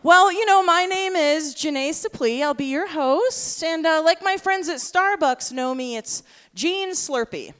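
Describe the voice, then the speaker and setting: A woman in her thirties hosting a live stand-up comedy show, with high-energy crowd work and self-deprecating jokes. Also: measured pace, few pauses, a bit bright. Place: live stage in a theater.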